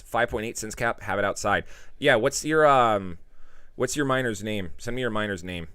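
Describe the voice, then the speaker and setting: Man, stream host, low voice, loose chatty delivery, dry close mic. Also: quick pace, pushed and bright, no room sound. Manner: loose and chatty, reads out viewer chat. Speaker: livestream host. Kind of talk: casual livestream chat.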